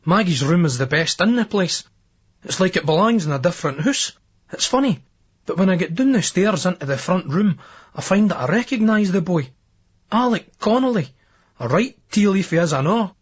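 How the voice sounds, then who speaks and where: A Scottish man reads a novel aloud in first person, crude and dialect-heavy. His voice is husky and a touch high. The recording sounds dull and lo-fi. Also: lively intonation, moderate pace. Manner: crude, coarse dialect storytelling. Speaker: audiobook narrator.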